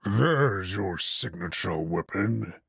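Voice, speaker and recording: A man's voice: low voice, lively intonation, fairly bright tone, no room sound, studio quality, full character voice. A man growling as a sneering bearded warrior. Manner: gravelly, slow, speaking through teeth. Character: bearded brutish male warrior, grinning and sneering. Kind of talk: audiobook character voice.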